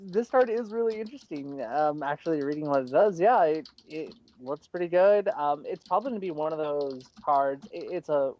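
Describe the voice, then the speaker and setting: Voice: mid-range voice, animated, normal speed, few pauses, a little mellow, lo-fi sound. A podcast panelist speaking in a hesitant, self-deprecating way. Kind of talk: casual chat.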